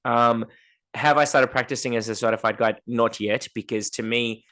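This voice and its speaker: A man's voice: medium pitch, normal speed. A man co-hosting a podcast in casual chat, telling stories and acting out what other people said in a raised voice. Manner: animated storyteller, acts out dialogue in raised voice. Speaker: podcast co-host.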